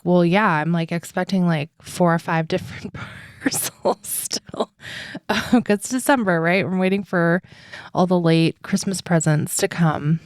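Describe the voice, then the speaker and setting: A woman with a lowish voice rambles through a personal story, podcast-host casual. She leans on fillers and laughs between thoughts. The recording is close and dry, with no room sound. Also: a little mellow, dry recording. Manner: rambling and chatty, heavy on "like" and "um", laughs often.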